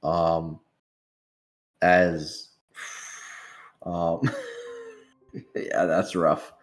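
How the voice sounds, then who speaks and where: A man's voice: sits low, wildly swooping pitch, extremely slow. A man playing in a tabletop game, describing his character hesitantly with many fillers. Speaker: player.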